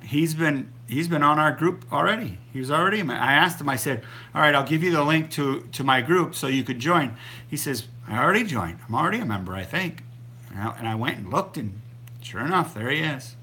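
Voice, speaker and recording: A man's voice: a little high, expressive, brisk, sharp tone. A middle-aged man hosting a casual live stream about the keto diet, rambling along with many ums and restarts. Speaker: keto diet channel host.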